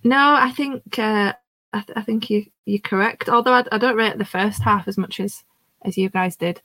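A woman's voice: medium pitch, moderate pace, bright, forceful tone, dry recording. A woman chatting casually about a film, hesitant and full of restarts, laughing often. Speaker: panelist. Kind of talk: casual film review chat.

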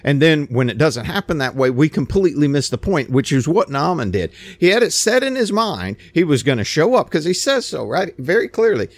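A man preaching a sermon, retelling a scripture story in plain everyday words with animated storytelling. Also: fairly high pitch, fairly quick, hardly any pauses, dry recording.

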